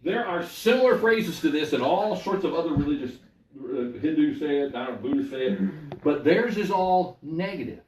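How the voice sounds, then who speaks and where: A man's voice: fairly high pitch, animated, normal speed, darkish tone, echoey room, far from the mic, slight background noise, low-quality recording. A male pastor delivering a sermon, telling a story and putting questions to the congregation.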